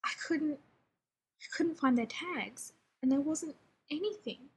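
A woman's voice: sits high, measured pace, pitched above the performer's own voice. A woman reading the lines of a nervous young male soldier who speaks hesitantly. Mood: shaken. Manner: hesitant, shaken.

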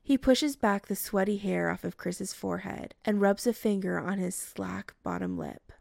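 A woman narrating a romance story as an audiobook reading, slow and even. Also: medium pitch, creaky, dry recording, studio quality.

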